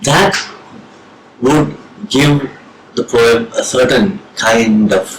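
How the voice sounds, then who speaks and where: A man with an Indian English accent, a professor of English giving a slow, measured lecture on reading poetry with deliberate pauses. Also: mid-range voice, a little hiss or hum. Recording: roomy with faint ambience.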